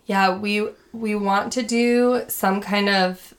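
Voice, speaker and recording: A woman's voice: mid-range voice, steady tone, takes it slowly. A woman co-hosting a podcast in casual chat, joking in a dry, understated way. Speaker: podcast co-host.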